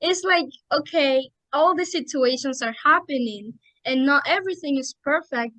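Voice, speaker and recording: A woman's voice: high-pitched, a bit bright, no room sound, poor audio. A young woman chatting on a podcast as an emotional fan who keeps acting out quotes. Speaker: podcast co-host or guest. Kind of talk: casual chat.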